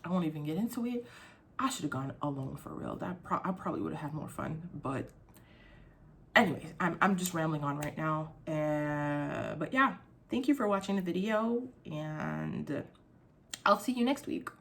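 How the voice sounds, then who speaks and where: A young adult woman vlogging in casual chat, rambling and swearing freely, her voice jumping up when she gets excited. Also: low-pitched, normal speed.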